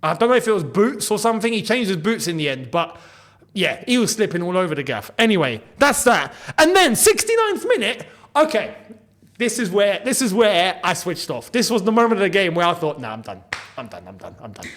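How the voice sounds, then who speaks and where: Animated man ranting about football. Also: sits high, fairly quick. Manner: animated, repeats points for emphasis. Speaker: football channel host.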